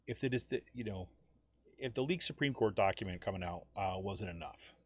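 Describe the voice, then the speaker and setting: A man with a lowish voice hosts a live political podcast, talking off the cuff. He rambles and loops back on himself, peppering every thought with "right?" The sound is dry and close, with no room around it. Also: fairly quick, a bit bright, slightly rough, no room sound. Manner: rambling, frequent "you know" and "right?". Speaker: podcast host. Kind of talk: casual political talk.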